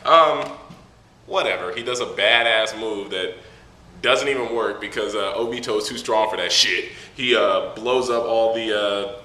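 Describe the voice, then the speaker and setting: A man's voice: lowish voice, a little slow, bright, forceful tone. A man casually reviewing a manga chapter on a camera mic, rambling with profane, laughing asides. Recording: echoey room, faint noise.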